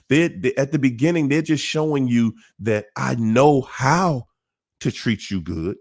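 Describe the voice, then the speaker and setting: A man's voice: mid-range voice, lively intonation, measured pace, darkish tone. A man hosting a livestream, talking to viewers in a repetitive, emphatic, preachy way. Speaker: livestream host. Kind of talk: casual livestream talk.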